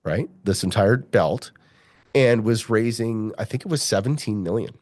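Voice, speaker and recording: A middle-aged mining geologist tells a long story in an interview, his fairly low voice moving at a normal speed with no echo. He swears freely and stays animated, acting out the voices of the people he quotes.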